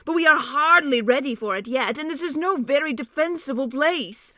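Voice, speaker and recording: A woman's voice: high voice, moderate pace, pushed and bright, no room sound, clean studio sound, pitched above the performer's own voice. A woman voicing a practical male dwarf soldier who talks in a brusque, grumbling way.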